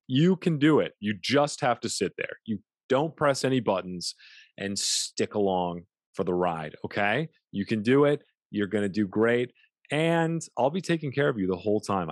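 Guy hosting a podcast, goofy and teasing, kinda low voice, dry close sound. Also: no echo. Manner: goofy, teasing, playful asides. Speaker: podcast host. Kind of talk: podcast intro and interview. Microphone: studio mic, video call.

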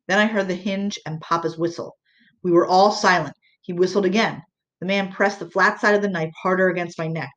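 A woman reads an audiobook with measured, earnest pacing. Her voice sits on the low side, and the recording sounds dull and lo-fi. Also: fairly even intonation. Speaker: audiobook narrator. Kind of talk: audiobook narration.

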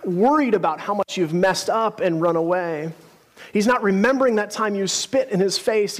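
A man's voice: high-pitched, long reverb tail. A man preaching a sermon, telling a story in a conversational, earnest way with casual asides.

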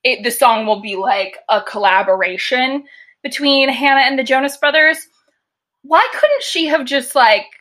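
Young woman co-host, chatty and giggly, bright tone. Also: high voice, moderate pace. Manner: chatty, laughs often, acts out quotes. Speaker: podcast co-host. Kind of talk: casual chat recapping a TV episode.

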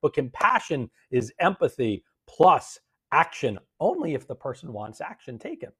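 Man, husky voice, gentle coaching tone, live stream host, phone mic. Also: mid-range voice, big pitch swings, moderate pace. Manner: gentle, coaching, reads viewer comments aloud and responds.

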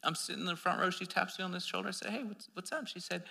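Gravelly man preaching in a hall. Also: high voice, completely flat delivery, rapid-fire, sharp tone. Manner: rambling storytelling with many restarts. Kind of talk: sermon.

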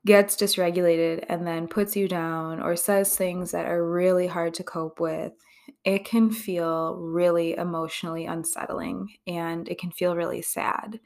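A woman's voice: fairly low pitch, darkish tone. A woman therapist hosting her own podcast, talking candidly and conversationally, with frequent swearing. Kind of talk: casual podcast monologue.

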